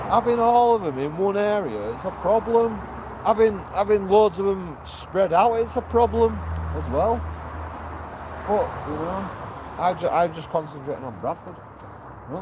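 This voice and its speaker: A man's voice: high voice, noisy background. Heated, swearing man outdoors. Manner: heated, profane ranting. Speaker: vlogger. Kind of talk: walking street vlog rant. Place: outdoors on a town street.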